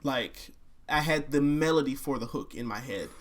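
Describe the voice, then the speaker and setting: A man's voice: mid-range voice, normal speed. A young man chatting casually about making his album, telling stories animatedly and humming melodies as he goes. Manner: animated storyteller who hums melodies mid-sentence. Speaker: singer discussing his album. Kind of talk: casual chat.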